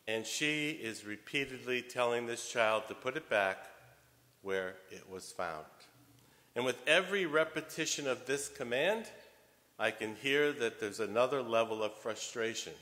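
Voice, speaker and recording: A man preaching a sermon as homilist, telling a story in a deliberate way with wide swings in loudness. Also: mid-range voice. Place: church. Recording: long church reverb.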